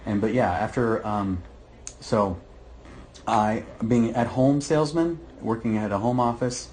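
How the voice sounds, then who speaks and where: A middle-aged man, telling his story to a therapist in a rambling, halting way with many restarts. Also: lowish voice, a little mellow, slight background noise. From Michigan, USA. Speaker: client in therapy session. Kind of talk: candid personal account.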